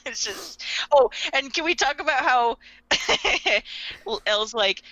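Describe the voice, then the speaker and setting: A woman's voice: fairly high pitch, expressive, takes it slowly, bright, forceful tone, dry recording, rough recording. A woman co-hosting a casual podcast chat, retelling scenes with giggles and acted-out quotes. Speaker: podcast co-host.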